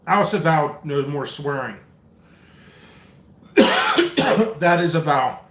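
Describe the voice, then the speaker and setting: Man, vlog host, chatty and scattered, short of breath, pitched a touch high. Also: slow pace, fairly bright tone, roomy sound. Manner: rambling, coffee-fueled, chatty. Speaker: pepper seed seller and channel host. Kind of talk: casual live-stream chat. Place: indoor home workspace.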